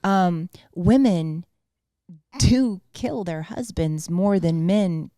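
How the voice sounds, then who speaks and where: A middle-aged woman on a podcast as a guest, chatting frankly and at ease. Her voice sits a bit lower than most women's. The sound is dry and close. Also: extremely slow, dark tone, dry recording. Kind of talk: casual chat.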